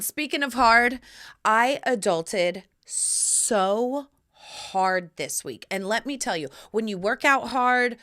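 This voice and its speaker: Woman in her thirties, solo podcast host; bright tone, lively, giggly, plays the voices in her stories. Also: a little high. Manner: animated, giggly storyteller acting out quotes. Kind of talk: candid solo podcast chat.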